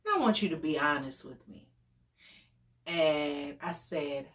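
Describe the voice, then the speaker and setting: A woman in her forties tells a story in a relaxed, unhurried way. Her pitch leaps and swoops constantly, and she talks with big exclamations and frequent laughs. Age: 40s. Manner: animated, exclamatory, laughs often. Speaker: storytime vlogger. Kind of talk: casual storytelling.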